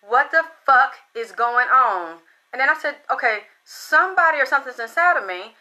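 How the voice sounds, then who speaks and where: A woman holding forth to her audience in a loose, profane monologue. Her voice sits a little high, with a bright, tense, forceful bite. She stumbles over her own words and repeats herself as she gets excited. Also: normal speed, poor audio. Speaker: spiritual reader and channel host. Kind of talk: casual storytelling monologue.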